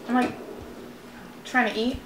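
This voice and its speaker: Chatty young woman in an echoey room. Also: a little slow. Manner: chatty, peppered with "like" and "literally". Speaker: mukbang vlogger. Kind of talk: casual eating chat to camera. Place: room at home. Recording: echoey room with background noise. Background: household noise.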